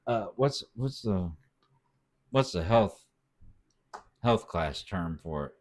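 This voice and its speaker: A man's voice: slow, slight background noise. A middle-aged man chatting casually as host of a live stream, telling a story with lots of swearing and acted-out quotes. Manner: animated, swearing, acts out quotes with big pitch jumps.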